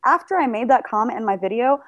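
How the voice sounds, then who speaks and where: A woman's voice: fairly high pitch, lively intonation, quick pace, no echo, muffled recording. A woman answering criticism of her video in a defensive, exasperated way, in casual commentary. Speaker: video creator.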